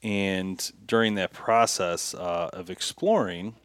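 Low-ish guy on a podcast, chatty storyteller, laughs a lot, dry mic. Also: slow, no echo. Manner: animated, laughs through his stories. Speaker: podcast co-host. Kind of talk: casual storytelling chat.

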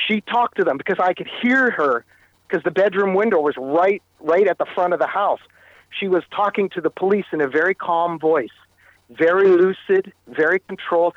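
A Canadian man tells his story as a guest in an interview, halting and often circling back to repeat himself. His voice sits a little high for a man. It comes over a dull, muffled line with no room sound around it. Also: no room sound. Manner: halting, repeats and restarts phrases. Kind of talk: telling a personal story in an interview.

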